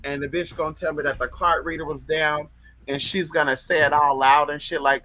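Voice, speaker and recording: Male livestream host, sassy and flamboyant, casual chat, bright fairly high voice. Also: level tone, a little fast, poor audio. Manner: sassy, flamboyant, swears freely. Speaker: livestream host reading viewer comments.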